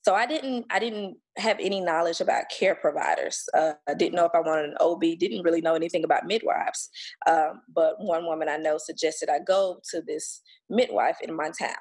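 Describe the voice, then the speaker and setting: Husky-voiced woman telling a blunt story. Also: fairly low pitch, fairly quick, a little mellow. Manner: blunt and emphatic, swears, acts out what others said. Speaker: podcast guest sharing her birth story. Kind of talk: casual storytelling.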